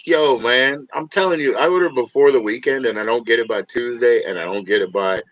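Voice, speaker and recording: A man's voice: medium pitch, brisk, a bit bright, no echo, muffled recording. A man hosting a livestream in casual chat, rambling and profane, laughing often and talking straight to his viewers. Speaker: livestream host.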